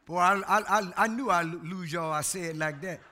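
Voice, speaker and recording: A man preaching a sermon who shouts his key words and banters with the congregation in folksy asides. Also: sits high, a little fast.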